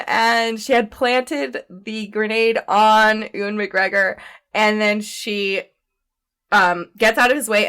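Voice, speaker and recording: A woman co-hosting a podcast, recapping a movie in a chatty, animated way full of fillers and laughs. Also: medium pitch, smooth. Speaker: podcast co-host. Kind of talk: casual chat recapping a movie.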